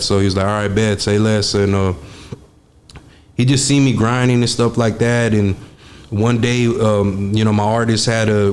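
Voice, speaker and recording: Laid-back man, low flat voice. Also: slight background noise. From Texas. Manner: laid-back, streetwise, swears freely, many fillers. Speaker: guest, studio engineer. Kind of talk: casual storytelling interview.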